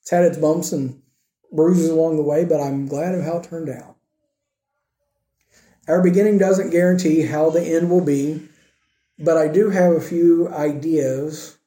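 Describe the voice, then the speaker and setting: A man preaching a sermon with earnest emphasis, swinging between raised emphatic points and quiet, soft asides. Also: a little high, roomy sound. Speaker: pastor.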